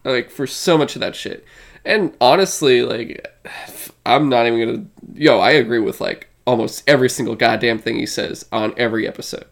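A man co-hosting a podcast in casual chat, excited and profane, often restarting his sentences. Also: medium pitch, normal speed, gravelly. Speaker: podcast co-host.

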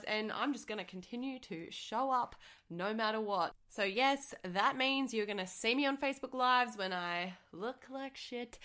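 A woman's voice: on the high side, bright, forceful tone. Bubbly Australian woman with a stuffy nose. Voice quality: nasal. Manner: bubbly, upbeat and chatty. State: congested, stuffy-nosed from flu. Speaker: podcast host. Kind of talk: solo podcast chat.

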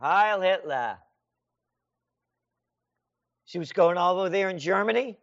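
A man's voice: sits high, fast talker. A man hosting a radio show, delivering a sarcastic, theatrical satirical rant. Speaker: radio host. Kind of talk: satirical rant with a sung parody. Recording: dull lo-fi sound.

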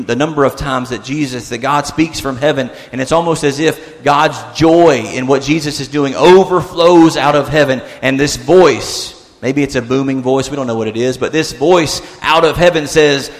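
A man preaching a sermon as pastor, animated and expressive, acting out the disciples' words and dropping to a soft tone for emphasis. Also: medium pitch. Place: church sanctuary. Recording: long church-hall reverb.

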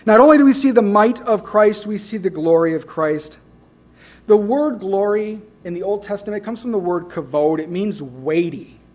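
In his sermon, the pastor speaks in a high male voice, leaning hard on key phrases. His delivery shifts back and forth between forceful, loud declarations and soft, hushed remarks.

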